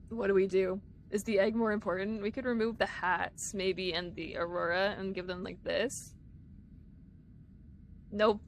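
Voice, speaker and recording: A woman's voice: mid-range voice, steady tone, measured pace, a little hiss or hum. A woman streamer chatting casually with her viewers while playing a game live, giggling often. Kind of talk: live-streamed gameplay chat.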